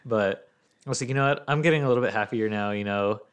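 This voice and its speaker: A young man in casual sports chat, telling animated stories and acting out what others said. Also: on the low side, fast, clear, resonant tone. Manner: animated storytelling, acts out quotes.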